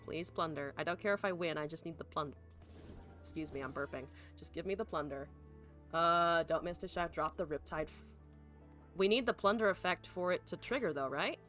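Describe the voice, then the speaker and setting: Bright-voiced woman streaming a card game. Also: lowish voice, brisk, soft background music. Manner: thinks aloud, swears, talks to chat. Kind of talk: live gameplay commentary.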